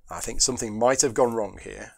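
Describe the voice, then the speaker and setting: A man's voice: lowish voice, creaky, a little mellow, husky. Man thinking aloud through a board game. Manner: muses aloud, questions and answers himself; chats with viewers between moves. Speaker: board game channel host.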